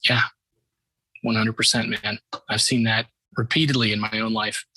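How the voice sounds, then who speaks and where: A man's voice: on the low side, little pitch movement, normal speed, bright, forceful tone, slightly rough, no echo. A man hosting a podcast, agreeing and chatting casually with his guest. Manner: agreeable, conversational, affirming. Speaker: podcast host.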